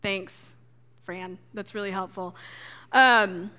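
A woman's voice: mid-range voice, normal speed, sharp tone. A young woman giving a sermon to a church gathering, talking casually with dry, sarcastic humor. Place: stage before a live audience.

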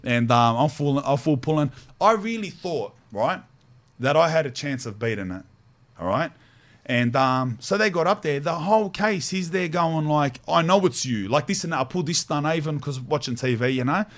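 The speaker is an Australian podcast host with a fairly high, animated voice at normal speed. He spins stories casually, using slang and laughing.

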